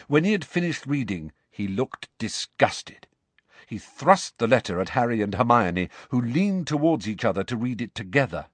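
A man's voice: medium pitch, no room sound. A man narrating a children's fantasy novel aloud, expressively, shifting his voice for each character. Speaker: audiobook narrator. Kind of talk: scripted storybook narration.

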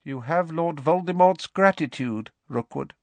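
A man doing a high, cold, cruel dark lord. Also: dry recording. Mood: cold menace. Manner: slow, menacing, measured.

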